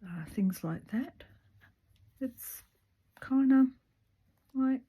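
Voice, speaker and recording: Husky, chatty woman stitching and nattering. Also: high voice, expressive, extremely slow, narrow, tinny audio. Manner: rambling, chatty, many ums and restarts. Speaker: craft video maker. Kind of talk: casual chat while stitching. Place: her home.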